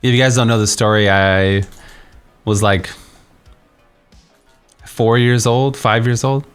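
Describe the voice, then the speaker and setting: A man's voice: mid-range voice, steady tone, slow, smooth, soft background music. A young man streaming a game, telling a story in a casual, rambling way with many fillers and restarts. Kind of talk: casual storytelling while playing.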